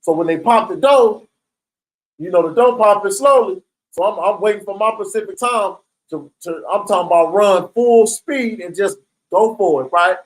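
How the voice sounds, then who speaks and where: A man's voice: high-pitched, moderate pace, low-quality recording. A man telling a story in a casual, streetwise way, swearing freely and often checking in with "right?". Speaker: storyteller recounting prison life.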